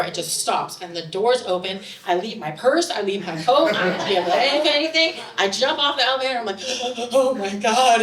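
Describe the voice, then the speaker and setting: A middle-aged woman telling a story on a bar stage, animated and growing loud and excited. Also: mid-range voice. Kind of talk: live storytelling to an audience. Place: stage in a bar, audience present. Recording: roomy live recording from a distance, faint room noise.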